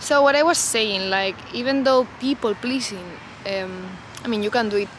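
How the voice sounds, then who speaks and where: A woman's voice: on the high side, moderate pace, noisy background. A woman vlogger talking unscripted to camera outdoors, in a loose, reflective way full of "you know" and "like".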